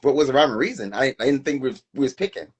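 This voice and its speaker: A man's voice: medium pitch, lively intonation, rapid-fire, breathy edge. A middle-aged man co-hosting a casual live-stream chat, talking in a reflective, earnest way. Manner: reflective, earnest, self-questioning. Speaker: co-host.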